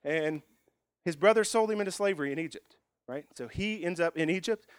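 Guy giving a sermon at a whiteboard, jokey folksy pastor, kinda high voice. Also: brisk, clear, resonant tone, no room sound, clean studio sound. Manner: folksy, joking with the congregation. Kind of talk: sermon with prayer, teaching at a whiteboard.

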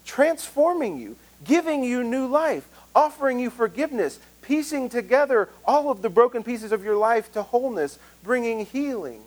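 A man's voice: sits high, low-quality recording. A male pastor with a Southern US accent preaching a conversational sermon, earnest and self-deprecating.

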